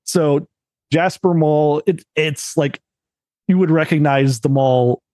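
A man's voice: fairly high pitch, slow, mellow, no room sound. Rambling man in casual podcast chat. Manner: rambling, heavy use of "like" and "uh". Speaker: podcast co-host.

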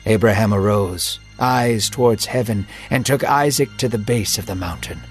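A man narrating a dramatic Bible story in a measured, emotive way. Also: on the low side, faint music behind.

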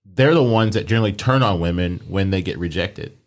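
A man's voice: sits low, fairly quick. A man in casual conversation, opinionated and loose, swearing freely. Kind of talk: casual chat.

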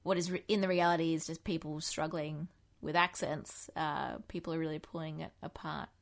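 A woman's voice: low voice, steady tone, moderate pace, gravelly. A woman co-hosting a podcast in casual chat, chatty and laughing as she talks, with many fillers. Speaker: podcast co-host.

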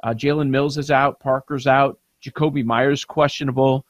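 A man's voice: medium pitch, steady tone, moderate pace, no room sound, muffled recording. A man hosting a casual sports betting chat, breaking down numbers and questioning the odds. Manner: analytical, questioning. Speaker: sports betting show host.

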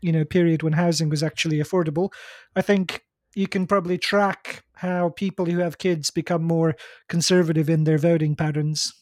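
Higher-voiced man arguing a point, dry sound. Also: fairly even intonation, normal speed, darkish tone, dry recording. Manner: argumentative, hedging. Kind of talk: casual podcast discussion.

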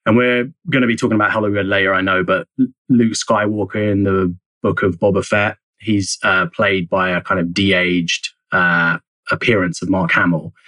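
Here a deep-voiced man talks at a moderate pace with a flat delivery and a sharp tone, answering interview questions as a journalist guest. He explains at length, hedging constantly and restarting often amid many fillers, on a rough recording with no room sound.

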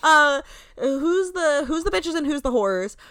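A woman's voice: sits high, animated, a little slow, fairly bright tone, dry recording, studio quality. A young woman co-hosting a casual podcast, recapping a reality show with lots of fillers and voiced-out quotes. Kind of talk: casual chat.

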